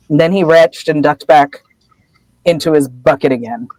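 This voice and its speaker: A podcast co-host casually retelling a book chapter, acting out the characters' lines with lively energy. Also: medium pitch, moderate pace, no echo, low-quality recording. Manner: animated storyteller acting out quotes.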